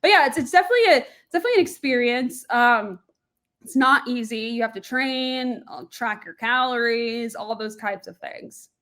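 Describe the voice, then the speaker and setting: A young woman from Florida, chatting as a guest in a casual interview, quick and animated with frequent laughs and a plain general American voice. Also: on the high side. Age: young adult. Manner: lively, quick, laughs often, animated asides.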